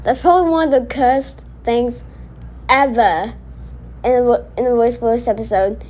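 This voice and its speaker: A woman's voice: a little high, normal speed, a little mellow. A woman giving casual reaction commentary, indignant and rambling as she talks back at a cartoon she is watching. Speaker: reaction video host.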